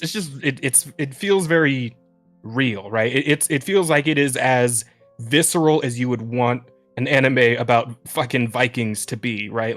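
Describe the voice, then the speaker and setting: A man's voice: mid-range voice, a bit bright. A young man co-hosting a podcast in casual chat, rambling with lots of restarts, swearing and laughing often. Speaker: podcast co-host.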